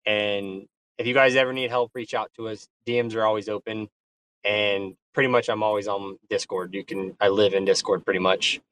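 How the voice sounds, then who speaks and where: A man talking loosely on a group call, often stumbling and repeating himself as he thanks people. His pitch sits in the middle, and a faint hum of ambience runs behind him. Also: fairly even intonation, normal speed, fairly bright tone. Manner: hesitant, repeats words, effusive. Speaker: guest on a community call. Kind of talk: casual chat.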